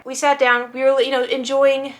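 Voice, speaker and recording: A woman's voice: sits high, moderate pace. A young woman chatting casually through a story and acting out what people said. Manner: animated, acts out quotes in shifting voices. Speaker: vlogger.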